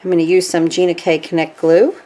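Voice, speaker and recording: A woman with a slightly low voice walks through a stitching craft at her table. She talks in a chatty, easygoing way and keeps checking in with the viewer as she goes. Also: little pitch movement, fairly quick, warm tone. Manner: chatty, frequent "okay?" check-ins. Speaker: craft tutorial host. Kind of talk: hands-on craft demonstration.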